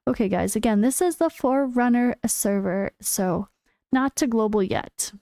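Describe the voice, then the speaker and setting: Excitable woman reading game patch notes. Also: normal speed, dry recording, studio quality. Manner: excitable, bursts into high exclamations. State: voice going hoarse. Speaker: gaming channel host.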